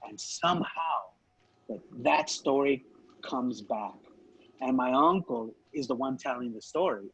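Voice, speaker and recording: A man's voice: medium pitch, unhurried, fairly bright tone, slightly rough, dull audio. A man co-hosting a podcast, telling a story in casual chat, swearing freely and acting out his relatives' lines. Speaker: podcast co-host.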